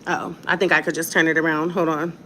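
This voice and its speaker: A woman's voice: low voice, flat delivery, fast talker, bright, forceful tone, a little hiss or hum. A woman who is a mother vlogging from home at night into a phone, ranting in an emphatic, repetitive and defiant way. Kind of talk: home vlog rant. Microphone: phone on a ring light setup.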